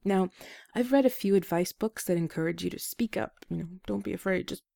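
A woman hosting an advice show, talking gently and self-deprecatingly, with small laughs between points. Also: mid-range voice, brisk, gravelly, dry recording, clean studio sound. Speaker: advice podcast host. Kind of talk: scripted advice talk.

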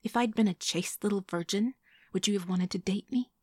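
A woman's voice: mid-range voice, a little fast, a little mellow, no echo, studio quality, close to an everyday voice. A woman voicing a hurt, indignant young woman who presses her ex for answers in a tense, raised voice.

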